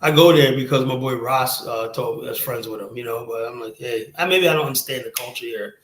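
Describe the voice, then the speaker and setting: A man hosting a stream, talking bluntly and profanely and rambling, with a steady stream of "you know". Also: mid-range voice, fast. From United States. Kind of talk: casual stream talk. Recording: roomy echoey sound.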